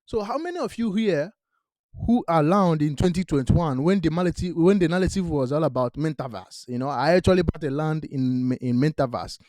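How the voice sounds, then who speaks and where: A man's voice: fairly high pitch, animated, brisk, a little mellow, dry recording. A man hosting a crypto channel, talking straight to viewers in an emphatic, repetitive way and often checking in with "all right?". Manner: emphatic, repeats "all right?", non-native grammar. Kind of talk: direct-to-camera investment talk.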